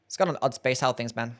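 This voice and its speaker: A man's voice: medium pitch, slight background noise. A young man streaming a video game, chatting casually, swearing freely and answering his chat. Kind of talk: casual gameplay commentary. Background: game music.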